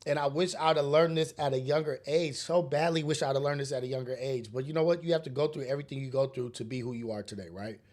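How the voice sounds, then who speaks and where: Speaking fast with hardly any pauses, a man with a darkish, mid-range voice rants on his solo podcast. He was raised in a rough urban neighborhood, and his casual monologue is blunt, preachy, and heavy on slang and cursing.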